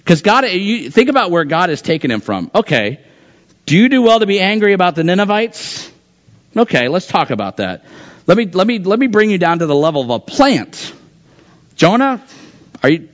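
Pastor guy preaching, chatty, acts out the lines, kinda high voice, muffled lo-fi audio. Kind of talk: sermon. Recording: dull lo-fi sound.

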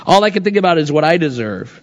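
A man's voice: fairly high pitch, very animated, quick pace. A pastor preaching a conversational sermon, acting out the voices from the text as he goes. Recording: dull lo-fi sound.

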